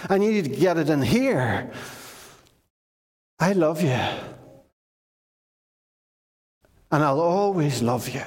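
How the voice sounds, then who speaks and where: A man voicing an overjoyed, loving older father who talks in a gruff, teasing way. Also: fairly high pitch, darkish tone. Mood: tender. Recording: long reverb of a large hall.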